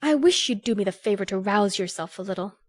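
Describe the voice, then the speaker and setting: Woman doing a sharp, scolding young lady. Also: a little high, normal speed, dry recording, studio quality, voice pushed up, lightly acted. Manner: crisp, scolding, earnest. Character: earnest, sharp-tongued young woman lecturing a friend. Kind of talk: audiobook character voice.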